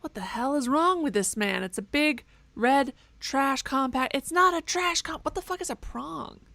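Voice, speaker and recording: A woman's voice: sits high, normal speed, gravelly, sharp tone. A young woman streaming a game, talking casually with sarcastic, self-mocking jokes and snatches of song. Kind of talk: casual live-stream commentary.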